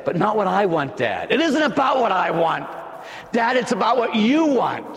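A man's voice: high voice, very animated, normal speed, reverberant, long reverb tail, voice pushed up. A man voicing Jesus, crying out to his Father in anguished pleading.

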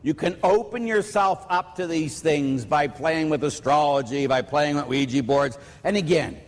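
A man's voice: a little high, normal speed. A man from Pittsburgh, a priest, preaching a conversational sermon full of plainspoken stories. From Pittsburgh, USA. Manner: storytelling, anecdotal and plainspoken. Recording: long hall reverb.

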